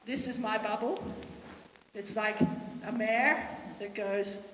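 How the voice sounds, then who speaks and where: A woman's voice: fairly high pitch, slow, a bit bright. A woman horse trainer giving a live, chatty demonstration, talking to onlookers and to the horse in turn. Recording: echoey arena with long reverb, faint noise.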